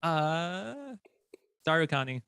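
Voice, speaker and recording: A man's voice: on the high side, slow, gravelly, pushed and bright, smooth, no echo. A man from the US, a guest on a video-call interview, giving short, hesitant answers with lots of fillers. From USA.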